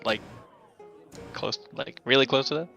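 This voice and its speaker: A man's voice: mid-range voice, measured pace, sharp tone, soft background music. A man playing a tabletop game, chatting hesitantly as he describes his character's actions. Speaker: player. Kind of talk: casual tabletop play.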